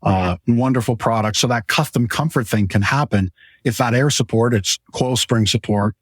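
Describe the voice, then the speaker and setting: A man's voice: medium pitch, normal speed, no echo. A man hosting a casual podcast from his mattress showroom, talking products in a rambling, enthusiastic way. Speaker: podcast host and mattress store owner. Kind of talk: casual sales chat.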